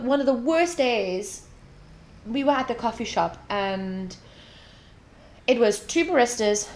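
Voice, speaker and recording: A woman guest in a casual interview, telling animated stories, swearing freely and acting out what others said. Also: mid-range voice, a little hiss or hum. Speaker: hospitality guest.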